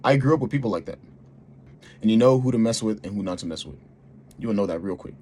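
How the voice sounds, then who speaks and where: Brief: male voice, lowish pitch, calm and serious commentary, faint noise behind. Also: fast talker. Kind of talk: earnest commentary.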